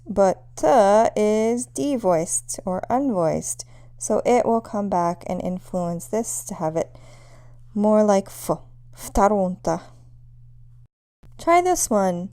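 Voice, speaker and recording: A woman's voice: medium pitch, dark tone, smooth. A woman teaching a pronunciation lesson, patiently demonstrating sounds one at a time. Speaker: language teacher.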